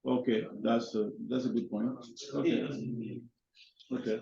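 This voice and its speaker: A man teaching an English class, halting and often repeating his words. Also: mid-range voice, little pitch movement, gravelly, dark tone, slight background noise. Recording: echoey classroom, dull lo-fi sound.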